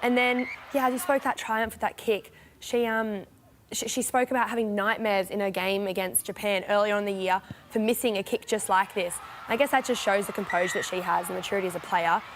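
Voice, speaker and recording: A woman's voice: mid-range voice, fairly even intonation, fairly quick, a little hiss or hum. A woman giving eager rugby analysis as the play is replayed. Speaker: rugby pundit. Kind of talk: sports commentary.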